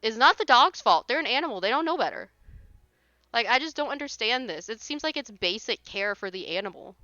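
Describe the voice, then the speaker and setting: Woman streamer, casual exasperated rant, blunt and sweary, bright sharp tone, dry close sound. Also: on the high side, lively intonation, brisk, dry recording, muffled recording. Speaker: livestreamer. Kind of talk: casual chat while gaming.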